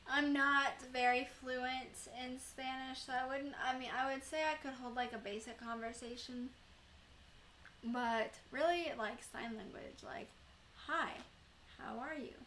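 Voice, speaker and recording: Young female streamer, casual chatty delivery with fillers, unhurried pace, bright tone. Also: high-pitched, fairly even intonation, slight background noise. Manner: chatty, rambling, many fillers and laughs. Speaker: live streamer. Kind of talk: casual chat with live chat viewers.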